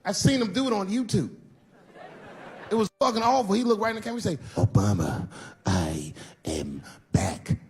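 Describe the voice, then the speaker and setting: A man doing an exasperated stand-up routine who shouts at times. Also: extremely high pitch, quick pace, pauses often. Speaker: stand-up comedian.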